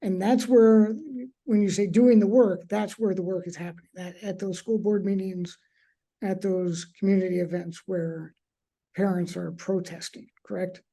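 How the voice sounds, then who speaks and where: A woman's voice: mid-range voice, fairly even intonation, moderate pace, dark tone. A woman hosting a discussion, hesitant and thinking aloud with many fillers. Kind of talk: discussion talk.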